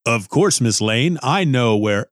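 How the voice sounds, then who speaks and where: A man voicing a calm, confident male superhero in a measured, slow way. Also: mid-range voice, a little hiss or hum, natural voice.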